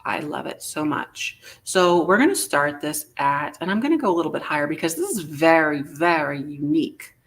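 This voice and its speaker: A man's voice: on the high side, expressive, moderate pace, few pauses, fairly bright tone. Man, live vintage sale host, playful, theatrical, joking, bid calling. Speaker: live auction seller.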